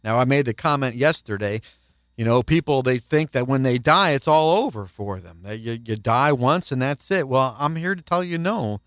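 A man preaching a sermon as a pastor, emphatic and rising in pitch when quoting scripture. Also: animated, moderate pace, fairly bright tone, no room sound.

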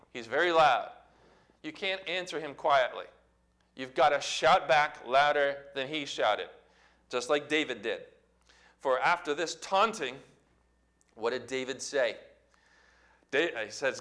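A middle-aged man preaching a sermon as a pastor, emphatic and building toward near-shouts. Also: mid-range voice, moderate pace.

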